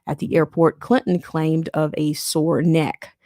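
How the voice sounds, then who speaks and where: A woman's voice: low-pitched, flat delivery, a little slow, dark tone, dry recording, studio quality. A woman hosting a podcast, reading a news article aloud and breaking in with sarcastic asides. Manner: sarcastic asides between read quotes. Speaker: podcast host.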